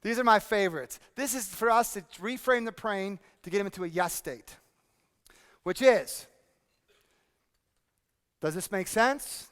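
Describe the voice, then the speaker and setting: A man presenting a workshop to a live audience, energetic and drilling the room with repeated questions. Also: high-pitched, unhurried, long pauses, clean tone. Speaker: speaking coach presenting a workshop. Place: conference hall with audience. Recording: long hall reverb.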